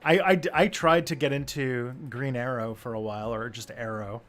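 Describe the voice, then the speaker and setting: A man hosting a casual chat, relaxed and hesitant, often laughing as he speaks. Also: medium pitch, normal speed. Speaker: host.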